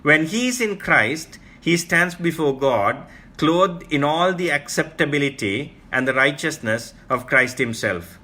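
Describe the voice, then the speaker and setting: Male Bible teacher with a bright, fairly high voice; earnest, emphatic sermon delivery, slowing down to explain terms. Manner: earnest, emphatic, repeats key phrases; explains Greek terms slowly.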